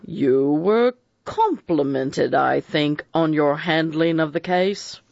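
A man voicing an elderly male judge who speaks slowly and deliberately, probing with questions. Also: on the high side, very animated, creaky, no room sound, exaggerated voice. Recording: dull, dry lo-fi recording.

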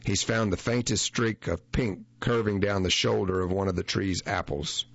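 A man reading a first-person feature story aloud in a measured, unhurried way. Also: low-pitched, vocal fry, a bit bright, slightly rough, dry recording, muffled recording. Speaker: narrator.

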